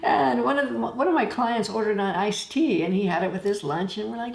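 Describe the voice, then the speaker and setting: A woman's voice: medium pitch, fairly quick, creaky, darkish tone. A woman hosting a travel vlog, telling chatty stories and laughing now and then. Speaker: travel channel host. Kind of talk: casual talking-to-camera vlog. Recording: echoey room.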